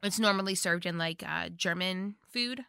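A woman's voice: on the low side, normal speed, vocal fry, sharp tone, clear, resonant tone, no room sound, studio quality. A woman co-hosting a podcast, casually recapping a movie, giggly and gushing with frequent swearing. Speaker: podcast co-host.

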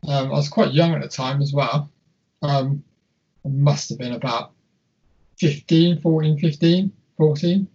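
Young male co-host, husky and slightly high-voiced, loose and sweary, on a dull lo-fi recording. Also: measured pace, warm tone. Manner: rambling, swears a lot, many restarts. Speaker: podcast co-host. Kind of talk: casual film chat.

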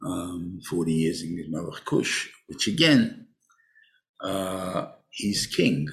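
An older rabbi gives an informal Bible class, speaking haltingly with many restarts and Hebrew phrases. His voice sits low and carries a gravelly fry. He talks to a small group as they go through the text. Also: lively intonation, fairly bright tone. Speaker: rabbi teaching a weekly class.

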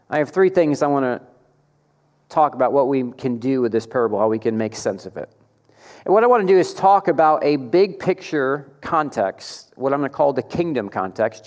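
Male pastor, higher-pitched, delivering a sermon with rhetorical questions; long church reverb. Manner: rhetorical questions, animated emphasis.

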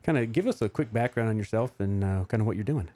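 A man's voice: on the low side, lively intonation, fast, dark tone, no room sound. A man hosting a podcast in casual chat, chatty, with lots of fillers. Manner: chatty, filler-heavy, laughs easily. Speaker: podcast host.

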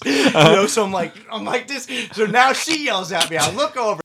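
A man's voice: high-pitched, animated, normal speed, over a noisy crowd. A middle-aged man telling a rambling, profane story in casual chat, often laughing at his own words and piling up fillers.

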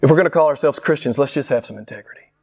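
A man preaching a sermon with passion, firing rhetorical questions and swinging widely between slow, emphatic lines and quick ones. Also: a little mellow, husky. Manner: impassioned preaching, rhetorical questions, big swings in pitch and pace. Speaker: pastor.

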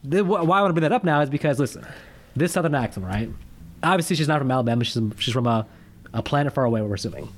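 A man with a medium-pitched voice races through his lines as co-host of a casual movie review podcast. He's animated and joking, with rants that build in emphasis.

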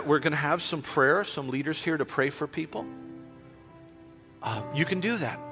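A pastor, a man, preaches to his church in a high, bright voice that rings with force. He builds his points through passionate repetition and leans into quiet prayer. The sound carries a long hall echo with faint music underneath. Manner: impassioned, repetitive preaching that drops to a hushed prayerful close. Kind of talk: sermon. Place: church sanctuary.

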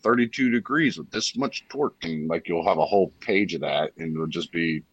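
A man hosting a casual podcast chat, swearing freely and telling animated stories. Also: low voice, fairly quick, gravelly, breathy edge, no room sound, lo-fi sound. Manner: profane, animated storytelling with mock impressions. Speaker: podcast host.

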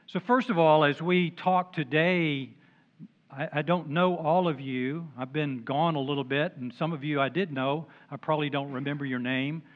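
An older pastor gives a sermon in a slightly high voice and a chatty manner, slipping in jokes at his own expense. The recording sounds dull and lo-fi. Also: steady tone, moderate pace. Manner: conversational, with joking asides.

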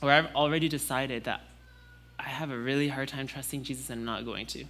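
A young man preaching a Sunday sermon in a relaxed, conversational way, with casual fillers and restarts. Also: mid-range voice, fairly quick.

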